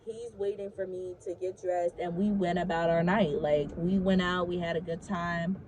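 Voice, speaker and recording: A woman's voice: fairly low pitch, fairly even intonation, moderate pace, a little mellow, poor audio. A young woman telling a casual story to her vlog audience. She talks animatedly, swears freely and fills her sentences with "like".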